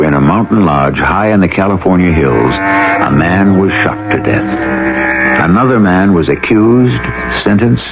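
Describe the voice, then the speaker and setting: A man hosting a radio mystery series, narrating in a solemn, measured, theatrical way. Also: deep voice. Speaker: host narrator. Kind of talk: dramatic scripted narration. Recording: dull old radio broadcast under loud music.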